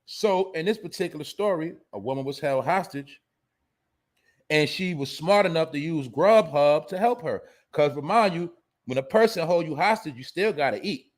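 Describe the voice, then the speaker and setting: A man's voice: fairly high pitch, lively intonation, normal speed. A man hosting a show, giving blunt, profane, preachy commentary. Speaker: show host. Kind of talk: casual commentary monologue.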